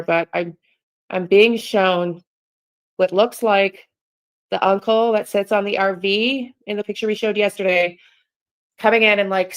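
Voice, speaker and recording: A woman hosting a live tarot stream, talking in a casual, halting way and often breaking off mid-thought. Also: medium pitch, clear, resonant tone, rough recording. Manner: hesitant, halting, self-interrupting. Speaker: tarot reader and channel host.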